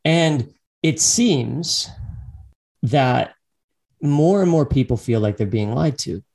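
Brief: male podcast host, mid pitch, reflective and conversational. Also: animated, slow, creaky, a little mellow. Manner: reflective, frequent listening murmurs. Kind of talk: casual interview conversation.

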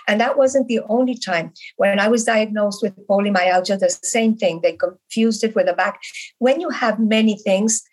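A woman's voice: medium pitch, slightly rough, rough recording. A middle-aged woman from Canada, a podcast guest, telling her story in earnest conversation and stressing her points with repeated words. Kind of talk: conversational interview.

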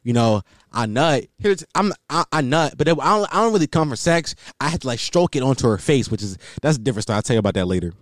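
A man in his own podcast, spinning a crude personal story in loose slang. His pitch swings all over as he talks, and it is captured dry and close. His tone is easygoing and he laughs often. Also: lively intonation, fast, few pauses, no room sound. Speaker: podcast host. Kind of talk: casual storytelling monologue.

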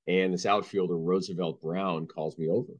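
A man, a sportswriter guest, telling anecdotes and acting out the people he quotes. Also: normal speed. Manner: deep-voiced, animated, acts out quoted people. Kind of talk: anecdotal storytelling.

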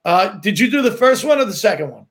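High-voiced male podcast host. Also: big pitch swings. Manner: halting, many fillers and restarts. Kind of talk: casual interview.

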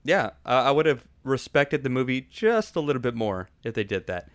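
A man's voice: medium pitch, very animated, moderate pace, no room sound. A man hosting a podcast, giving an opinionated, sarcastic movie review in casual chat and laughing often. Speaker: podcast host.

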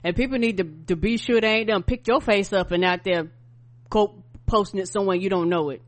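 A woman's voice: mid-range voice, a little fast. A woman co-hosting a podcast, talking emphatically in casual chat and backing up her co-host. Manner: emphatic, conversational, backs up co-host. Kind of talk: casual news-commentary chat.

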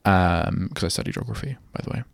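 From a radio studio, a young solo host talks fairly quickly in a deep, creaky voice. He chats casually and rambles, often interrupting himself mid-sentence. The studio sound is clean, with no echo.

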